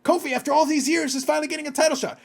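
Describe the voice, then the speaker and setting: A man's voice: extremely high pitch, steady tone, very fast, vocal fry. A man co-hosting a casual podcast, ranting with exasperation and swearing freely. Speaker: podcast co-host.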